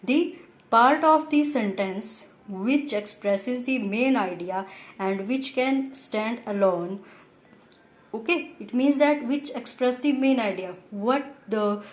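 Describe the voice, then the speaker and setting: A woman's voice: on the high side, takes it slowly. Echoey woman teaching grammar. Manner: reads definitions, then explains with fillers and repeats. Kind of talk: explaining a grammar glossary.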